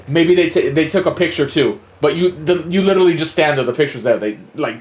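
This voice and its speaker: A man's voice: on the high side, brisk, hardly any pauses. Profane man telling a story. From United States. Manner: profane, animated, chuckling. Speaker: gaming streamer. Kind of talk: casual storytelling.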